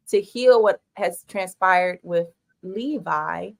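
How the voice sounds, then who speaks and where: A woman hosts a casual parenting chat in a lively, chatty voice. She tells stories in an animated way and laughs easily. Her speech is relaxed and conversational. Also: mid-range voice, unhurried. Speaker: podcast host and mother.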